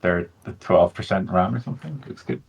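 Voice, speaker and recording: A man's voice: deep voice, animated, fairly quick, vocal fry, breathy edge. A man leading a game playtest over a voice call, laid-back and joking, swearing casually. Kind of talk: casual voice chat.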